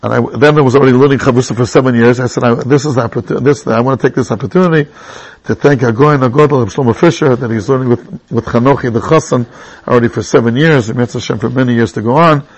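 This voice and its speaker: A middle-aged man teaching a Torah class, telling personal stories with sudden high exclamations. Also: fast, breathy edge, poor audio.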